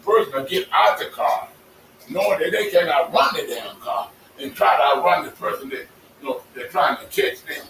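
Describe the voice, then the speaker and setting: A man telling casual stories to his vlog audience, animated and laughing, cursing freely as he talks. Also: on the high side, normal speed. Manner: animated, swearing, laughing storyteller. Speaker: vlogger. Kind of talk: casual storytelling monologue. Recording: echoey, distant mic with faint noise.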